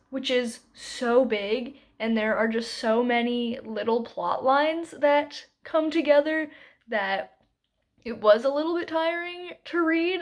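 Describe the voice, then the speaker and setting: A woman chats casually to her camera about books in an upbeat way. Her voice sits a little high, and she fills her talk with "like" and "um" as she goes. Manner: chatty, upbeat, lots of "like" and "um". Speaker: book vlogger.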